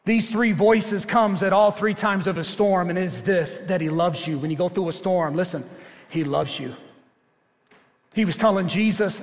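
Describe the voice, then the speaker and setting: A man with a high voice preaches a sermon from the pulpit, dropping low and hushed and then climbing loud and urgent. His words ring out with the long reverb of a big church hall. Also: moderate pace. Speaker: pastor. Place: church sanctuary.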